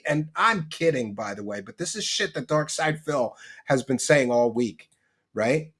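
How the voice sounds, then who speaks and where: A man's voice: medium pitch, lively intonation, a bit bright, husky. A man hosting a livestream, reading chat aloud and joking with mock rants. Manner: mock-ranting, joking, quick to laugh. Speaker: livestream host.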